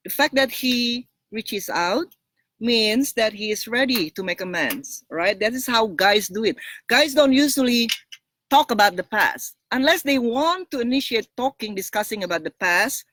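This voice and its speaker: Here a relationship coach, a woman with a voice on the high side, talks at a moderate pace. Her casual monologue is frank and blunt, full of animated laughter between points and many repeated, restarted words.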